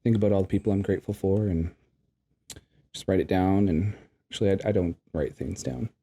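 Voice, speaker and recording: A man's voice: low-pitched, brisk, background noise. A man from Canada co-hosting a podcast, teasing his friend and laughing often in casual chat. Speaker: podcast co-host.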